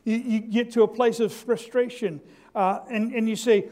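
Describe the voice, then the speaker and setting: A man's voice: very high-pitched, steady tone, normal speed, mellow. A man preaching a sermon who calls out to his congregation for response, stumbles through restarts and repeats his key lines. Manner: stammering restarts.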